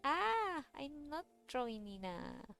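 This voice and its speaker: A woman's voice: high voice, very animated, slow pace, fairly bright tone, soft background music. A woman chatting casually while she draws, rambling with many fillers and restarts. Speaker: VTuber artist streaming a drawing session. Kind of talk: casual chat while drawing.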